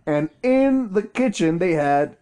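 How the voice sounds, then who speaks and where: This male podcast co-host has a high-sitting but dark-toned voice and talks slowly yet animatedly. He keeps the casual conversation playful, teasing and meandering.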